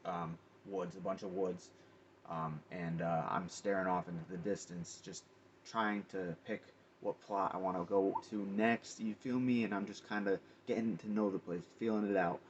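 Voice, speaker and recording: Deep-voiced man telling a ghost story. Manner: chatty, animated slang-filled storytelling with restarts. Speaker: paranormal vlogger. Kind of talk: casual storytelling to camera. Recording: dull lo-fi audio with faint noise.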